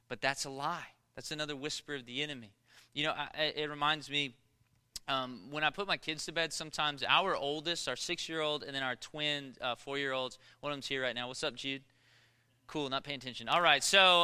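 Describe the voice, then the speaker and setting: A man in his thirties preaching a sermon in a conversational storytelling way, swinging between loud bursts and hushed passages. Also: a little high, clear, resonant tone. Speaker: pastor.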